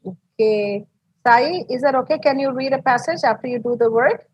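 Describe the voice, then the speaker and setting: A woman's voice: sits high, moderate pace, slightly rough, highs cut off. A woman with an Indian English accent teaching an online English class, encouraging and explaining step by step with many fillers.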